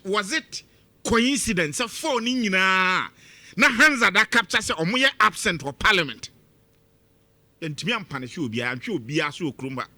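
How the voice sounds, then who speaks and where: A Ghanaian man with a Ghanaian accent hosting a radio commentary, talking in an emphatic, lively way. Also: sits high, no echo. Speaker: radio host. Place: radio studio.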